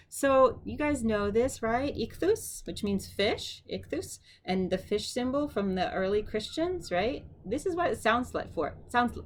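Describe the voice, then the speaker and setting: A middle-aged woman giving a casual home lesson on vocabulary, chatty and repeating each word slowly for practice. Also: medium pitch, slight background noise. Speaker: Greek vocabulary teacher.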